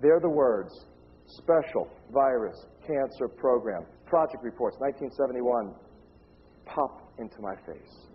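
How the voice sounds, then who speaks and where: A man telling a story in a talk, acting out the people in it with animated, shifting delivery. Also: measured pace, a little hiss or hum. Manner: animated, acts out dialogue with shifting pitch. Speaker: speaker giving a talk. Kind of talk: storytelling lecture. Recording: dull lo-fi recording.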